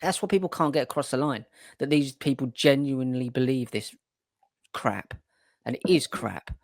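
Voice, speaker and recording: A man's voice: medium pitch, moderate pace, no echo, studio quality. A man co-hosting a podcast in casual, emphatic chat who swears freely. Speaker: podcast co-host.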